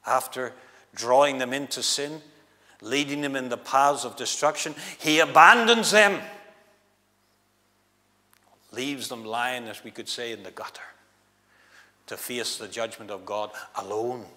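Dramatic preacher in a hall. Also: male voice, mid-range voice, normal speed. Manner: dramatic, swings from loud to hushed. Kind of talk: gospel sermon. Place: church hall. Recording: long hall reverb.

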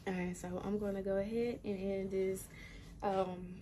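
A woman vlogging an unboxing, talking to her viewers in an emotional, breathy voice that often drops to a whisper, close to tears. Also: medium pitch, little pitch movement, moderate pace, mellow, a little hiss or hum. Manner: addresses viewers as "y'all". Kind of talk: excited unboxing vlog.

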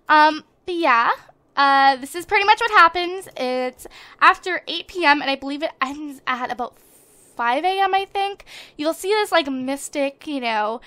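A young woman hosts a casual let's play, chatty and quick to gasp with excitement. Her voice sits high and sounds bright and forceful, recorded dry and close on a desktop microphone. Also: no echo. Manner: chatty and excitable, gasping at surprises. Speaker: gaming channel host. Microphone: desktop USB microphone.

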